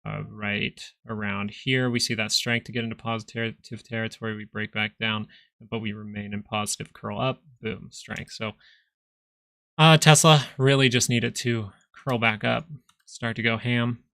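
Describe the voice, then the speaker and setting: Gravelly-voiced young man narrating stock charts. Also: lowish voice, steady tone, normal speed, sharp tone, dry recording. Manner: chatty, rambling, reads chat aloud. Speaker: stock market livestream host. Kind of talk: casual live market commentary.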